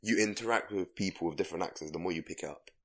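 A man's voice: low-pitched, racing, creaky. A young man with a London accent, co-hosting a podcast in casual, blunt and teasing chat full of "like". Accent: London English. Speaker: podcast co-host.

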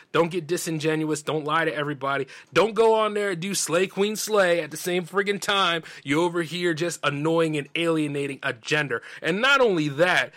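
A man from the Southern US with a light drawl, hosting a podcast and delivering an opinionated, emphatic rant. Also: pushed and bright. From Southern United States. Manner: ranting, emphatic, mimics others in a high voice. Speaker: podcast host. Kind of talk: opinionated monologue.

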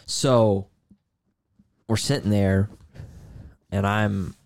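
A podcast co-host speaks very slowly in a fairly low, steady voice with vocal fry and a darkish tone, over a faint hiss or hum. In casual conversation, he earnestly and candidly recounts a personal experience with therapy.

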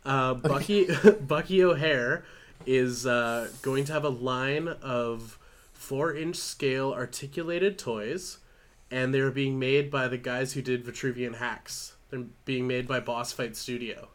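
A man's voice: medium pitch, takes it slowly. A man in his thirties, a little tipsy, chatting casually as a podcast co-host, loose and profane with lots of fillers. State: slightly tipsy. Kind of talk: casual chat.

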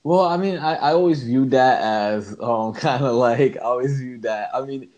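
A man's voice: mid-range voice, normal speed, darkish tone. A man co-hosting a podcast in casual chat, rambling and filling with "you know". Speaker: podcast co-host.

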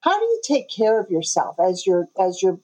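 A woman's voice: medium pitch, big pitch swings, moderate pace, dark tone, poor audio. A woman hosting an interview, asking thoughtful questions and repeating words as she thinks. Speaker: interview host. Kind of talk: interview conversation.

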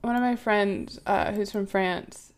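A woman's voice: mid-range voice, wildly swooping pitch, a little slow, vocal fry. An American woman playing a tabletop game, casual and offhand, with a jokey manner. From United States. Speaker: player.

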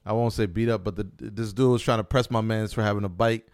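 A man hosting a casual podcast, telling stories in an animated, slangy way. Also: on the low side, fast talker, clear, resonant tone, dry recording, studio quality. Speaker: podcast host. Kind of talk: casual podcast chat and storytelling.

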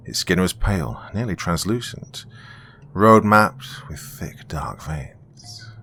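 A man narrating a scripted horror story in a steady storytelling manner. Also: low-pitched, slow.

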